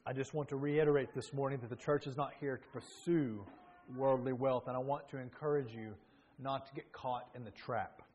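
A man's voice: medium pitch, fairly even intonation, moderate pace, a little mellow, slight background noise. A male pastor preaching a sermon with earnest, emphatic delivery that rises in bursts.

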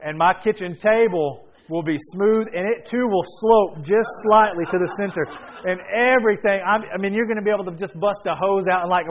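A man preaching a sermon, telling a family story with animated energy and sudden bursts of shouting. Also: on the high side. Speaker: pastor. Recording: dull lo-fi sound.

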